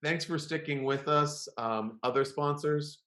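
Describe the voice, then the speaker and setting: A man's voice: fairly high pitch, a little slow, pushed and bright. A man co-hosting a podcast in casual chat, joking and laughing often. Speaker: podcast co-host. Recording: roomy echo.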